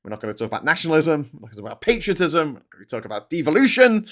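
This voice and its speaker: A man with a Scouse accent hosting a political livestream, talking in an excitable, sweary, rambling way. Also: fairly high pitch, racing, few pauses. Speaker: livestream host. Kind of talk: casual political livestream chat.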